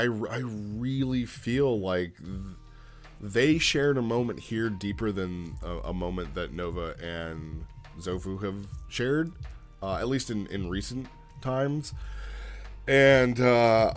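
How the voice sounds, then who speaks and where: Man, low voice, reviewing casually, halting and rambling, faint music behind. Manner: rambling, halting, checks in with "right?". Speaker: roleplay log reviewer.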